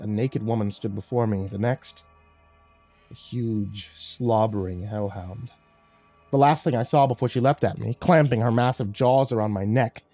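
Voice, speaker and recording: A man's voice: lowish voice, warm tone, slightly rough, no echo. A man narrating a first-person horror story in a dramatic, scripted telling.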